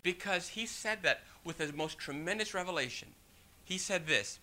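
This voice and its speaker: A man preaching a sermon in an animated, rhetorical way, often asking the congregation "right?" and reading scripture in old-fashioned wording. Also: high-pitched, normal speed, slight background noise. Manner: reads scripture in King James wording.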